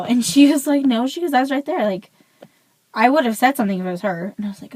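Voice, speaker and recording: A woman's voice: a little high, moderate pace, slight background noise, low-quality recording. A teenage girl telling a school story in a casual rant, peppering every phrase with "like.". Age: teens. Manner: chatty, says "like" constantly, animated. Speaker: vlogger.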